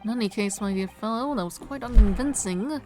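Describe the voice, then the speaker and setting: A woman voicing an eccentric, pompous gentleman detective in a video game, speaking in a grandiose, theatrical way. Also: a little high, fairly quick, music in the background, close to an everyday voice. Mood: superior.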